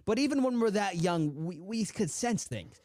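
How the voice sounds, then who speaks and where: Man, earnest storyteller, fairly high voice, dry close podcast mic, slows down for emphasis. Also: animated, darkish tone, dry recording. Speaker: podcast guest. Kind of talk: emotional personal storytelling.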